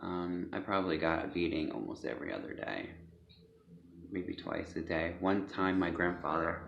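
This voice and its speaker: A man gives a hesitant personal testimony, full of pauses and fillers. His voice sits very low with a gravelly texture. The recording is dull and lo-fi, with a roomy echo. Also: slight background noise. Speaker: speaker sharing a personal story. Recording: echoey dull lo-fi room.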